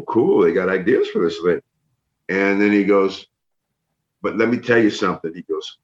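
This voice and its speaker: A middle-aged man from the northern United States telling animated stories as an interview guest, acting out what others said. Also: low-pitched, reverberant. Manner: animated storyteller, acts out quotes. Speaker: interview guest, former wrestler. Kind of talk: casual storytelling. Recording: dull lo-fi sound.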